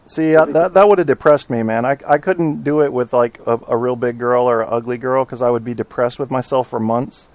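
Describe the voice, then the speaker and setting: A man's voice: medium pitch, fairly even intonation, fairly quick, hardly any pauses, darkish tone. A man hosting a casual interview, talking bluntly and with profanity. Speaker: host.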